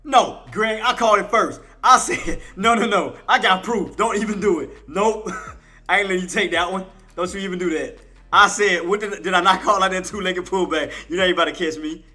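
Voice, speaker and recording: A man's voice: high-pitched, brisk, bright, forceful tone. A man hosting a day-trading live stream, chatting casually and teasing playfully, laughing often.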